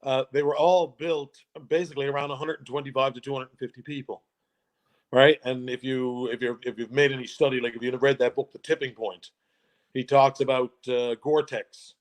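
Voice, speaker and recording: Jokey man telling stories. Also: medium pitch. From Newfoundland, Canada. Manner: jokey storyteller, laughs often, restarts phrases. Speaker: guest. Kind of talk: casual interview chat.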